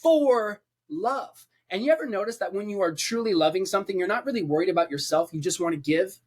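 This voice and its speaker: Emphatic preacher, fairly high voice. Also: male voice, animated, a little fast, darkish tone, husky. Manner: emphatic, repetitive rhetorical lists. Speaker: preacher, podcast guest. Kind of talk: passionate conversational preaching.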